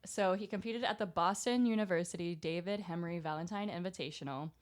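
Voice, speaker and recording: A woman's voice: on the low side, brisk. A woman co-hosting a casual podcast, chatty and giggly, with a jittery, restless way of talking. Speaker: podcast co-host. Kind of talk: casual chat.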